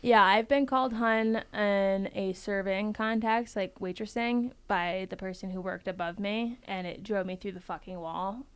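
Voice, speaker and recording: A woman's voice: medium pitch, steady tone, moderate pace, hardly any pauses, clean tone. A young woman talking bluntly and emphatically on a casual podcast panel, swearing freely.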